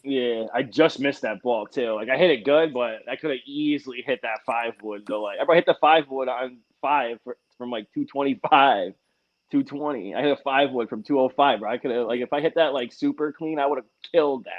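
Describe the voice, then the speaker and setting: A man's voice: mid-range voice, fairly quick. Laid-back guy on a golf podcast, muffled lo-fi sound, lots of "bro". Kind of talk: casual chat. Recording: dull lo-fi sound.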